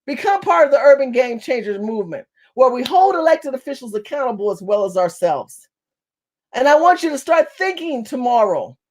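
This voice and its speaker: A high-pitched woman from California delivers a fiery political monologue as a community activist. She talks quickly and forcefully, hammering her points home by saying them again and again. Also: sing-song. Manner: fast-talking, forceful, repeats phrases for emphasis.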